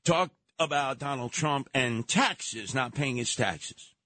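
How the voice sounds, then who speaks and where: A man's voice: medium pitch, slow, noisy background. A man hosting talk radio, giving an emphatic, mocking, opinionated monologue. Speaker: radio talk show host.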